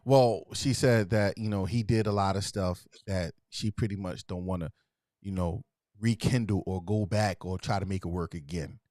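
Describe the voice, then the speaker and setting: Laid-back low-voiced man hosting. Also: normal speed, darkish tone, no room sound, clean studio sound. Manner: laid-back, asks questions, laughs often. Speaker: podcast host. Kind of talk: casual chat.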